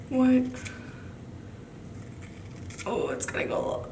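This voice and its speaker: A woman's voice: fairly high pitch, animated, takes it slowly, long pauses, warm tone. Girl vlogging at home, giggly and panicky, roomy echo, faint room hum. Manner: nervous, giggly, exclaiming often. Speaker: beauty vlogger. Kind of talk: casual vlog chatter. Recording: echoey room, mic a bit distant.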